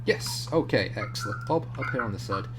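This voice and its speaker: A man streaming a strategy game, calmly thinking out loud about tactics and swearing casually. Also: on the low side, brisk, heavy background noise. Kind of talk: gaming commentary.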